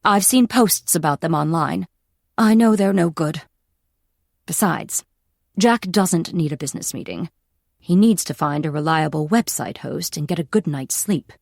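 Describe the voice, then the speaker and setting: A woman's voice: low-pitched, measured pace, creaky, a little mellow, dry recording, studio quality, full character voice. A woman voicing a stern, suspicious female café owner who speaks in an exaggerated fake French accent, in an audiobook. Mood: curt, suspicious. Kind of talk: audiobook character voice.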